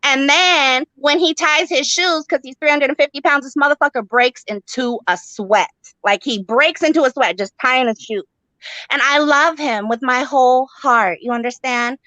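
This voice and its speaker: A woman's voice: high-pitched, normal speed, pushed and bright, no room sound, rough recording. A young woman doing a stand-up set, profane, rambling and brash. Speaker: stand-up comic.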